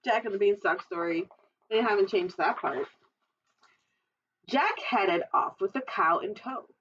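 A librarian reading a children's storybook aloud, adding chatty, giggly asides. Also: female voice, medium pitch, a little slow, a bit bright, a little hiss or hum. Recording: dull, distant recording.

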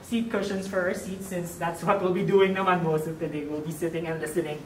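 A young Filipino medical student explaining the school's rooms on a casual tour, in English mixed with Tagalog, clear and explanatory. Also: mid-range voice, flat delivery, brisk, a little mellow, a little hiss or hum. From Philippines. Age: young adult. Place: indoor school hall and labs. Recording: very echoey room from a distance.

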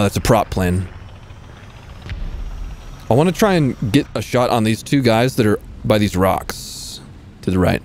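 A man giving live gameplay commentary as a streamer, excitable, swearing freely and mocking himself. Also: on the low side, slight background noise. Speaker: gaming streamer.

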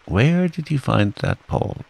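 A man's voice: medium pitch, very animated, measured pace, vocal fry, darkish tone, voice pushed up. A man voicing a careless, curious young boy in a storybook reading. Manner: offhand, curious.

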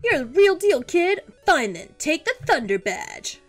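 A woman's voice: sits high, very animated, unhurried, soft background music, voice pushed up, full character voice. A woman voicing a brash army veteran gym leader. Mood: grudging. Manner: boastful, taunting.

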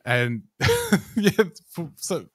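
Male co-host, mid pitch, wry quick quips, dry close mic. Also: animated, no echo. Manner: quick, joking asides. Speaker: podcast co-host. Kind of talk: casual chat.

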